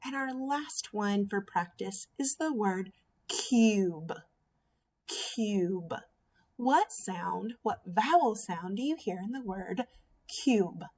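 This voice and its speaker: A woman teaching a phonics lesson to young children, sounding out each vowel slowly and clearly. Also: mid-range voice, expressive, a little mellow. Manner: slow, drawn-out sounding out of vowels. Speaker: first grade teacher.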